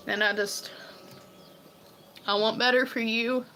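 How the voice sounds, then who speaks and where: A woman hosts her own livestream in a bright, forward voice, speaking in earnest and often restarting her sentences between ums. She talks casually and directly to her viewers, with faint noise behind her. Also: on the high side, poor audio. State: tearful at times. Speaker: livestream host. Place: farm home.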